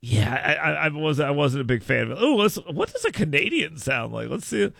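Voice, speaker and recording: A man's voice: a little high, very animated, a little fast, vocal fry, fairly bright tone, dry recording. A man hosting a casual sports stream, talking off the cuff and often stumbling and repeating his words. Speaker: sports show host. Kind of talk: casual live-stream commentary.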